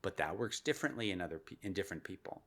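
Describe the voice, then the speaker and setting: A man being interviewed on a podcast as a neuroscientist, explaining in an animated way and laughing often. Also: low voice, rapid-fire. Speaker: guest neuroscientist.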